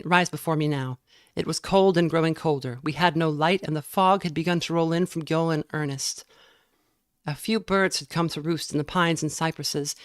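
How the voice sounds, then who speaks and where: A woman reading a novel aloud in a measured way, now and then stumbling and correcting herself. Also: sits low, dry recording, clean studio sound. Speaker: reader.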